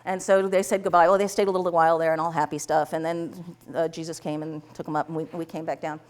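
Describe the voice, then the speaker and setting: A woman teaching a tapping workshop, telling client stories to a live class, laughing often and acting out the dialogue in lively voices. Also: low-pitched, quick pace.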